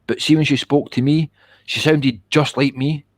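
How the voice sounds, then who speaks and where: A man's voice: a little high, steady tone, normal speed, dry recording. A man from the east end of Glasgow with a Glaswegian Scottish accent, chatting bluntly and often calling the other man mate. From Scotland, east end of Glasgow. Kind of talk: casual chat.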